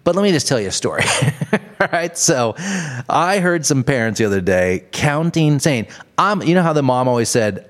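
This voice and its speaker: A man's voice: mid-range voice, sing-song, a little fast. A man hosting a podcast, ranting in a casual, comedic way, swearing often and laughing at his own jokes. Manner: profane, laughing, exaggerated ranting. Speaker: podcast host.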